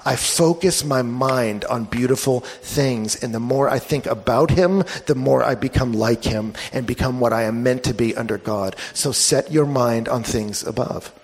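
A man preaching a sermon as pastor, animated, swinging from loud bursts to hushed tones. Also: mid-range voice, moderate pace, few pauses, big-room sound.

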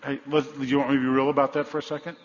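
Blunt, folksy preacher in an echoey hall. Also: male voice, medium pitch, level tone, rapid-fire, a little hiss or hum. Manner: folksy, blunt, with sudden loud exhortations and quiet asides. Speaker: pastor. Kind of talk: sermon. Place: church sanctuary. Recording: echoey hall, slightly dull sound.

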